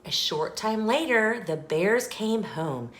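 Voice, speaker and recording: Woman reading a kids' picture book aloud; slow, lively, expressive; roomy sound. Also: mid-range voice. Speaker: children's story reader and host. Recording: echoey room.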